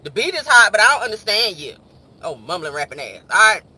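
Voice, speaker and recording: A man with a high, very bright voice dishes celebrity gossip in a sassy, animated way. He leans into mock voices and punchy asides, talking straight to his audience like a host catching up with regulars. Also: fairly quick, slightly rough. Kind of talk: casual gossip commentary.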